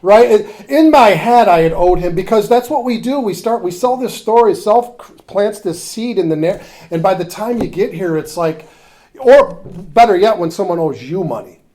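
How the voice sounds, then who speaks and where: A man's voice: sits high, moderate pace. A man speaking at a recovery workshop, telling his story in a confessional way and acting out the conversations in it. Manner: confessional, drops to a near whisper in tender moments; animated when acting out conversations.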